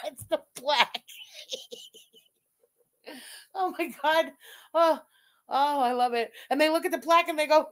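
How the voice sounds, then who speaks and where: A woman's voice: high-pitched, measured pace, pauses often, fairly bright tone. A woman hosting a livestream with casual commentary, giggling often and talking in a crude, mocking way. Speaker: livestream host.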